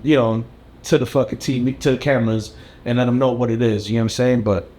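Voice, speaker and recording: A man's voice: mid-range voice, fairly even intonation, quick pace, dark tone. A man co-hosting a podcast in casual chat, laid-back and rambling with filler phrases. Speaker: podcast co-host.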